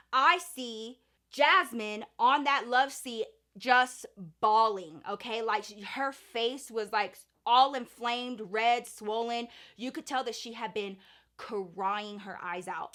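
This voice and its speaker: A young adult woman telling a storytime vlog in an animated, dramatic way, with casual swearing. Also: a little high. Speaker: vlogger.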